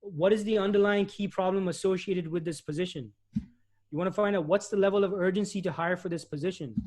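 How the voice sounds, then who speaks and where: High-voiced man giving animated career talk. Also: fairly quick. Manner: animated, repetitive restarts, acts out customers' lines. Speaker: guest speaker, IT recruiter. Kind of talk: presenting tips in a webinar talk.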